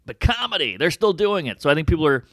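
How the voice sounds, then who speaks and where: A man, a comedian chatting as an interview guest, jokey and animated with big jumps in pitch for emphasis. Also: quick pace, no room sound, clean studio sound. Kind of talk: casual interview chat.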